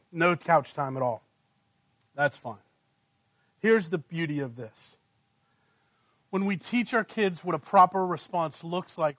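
Man, thirties, pastor, conversational sermon, high voice, dry close sound. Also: no echo, rough recording. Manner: conversational, asks "right?" often, animated when storytelling. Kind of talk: sermon with family anecdotes.

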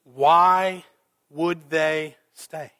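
High-pitched guy preaching, lots of rhetorical questions, gets loud then drops way down. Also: steady tone, extremely slow, clean tone. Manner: dramatic, rhetorical questions, shifting loud and soft. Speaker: pastor. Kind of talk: sermon.

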